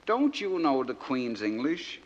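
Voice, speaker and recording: A man's voice: medium pitch, sing-song, a little slow, highs cut off, voice pushed up. A man voicing an impatient army officer who scolds a young recruit. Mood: stern. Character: gruff adult male army officer, impatient.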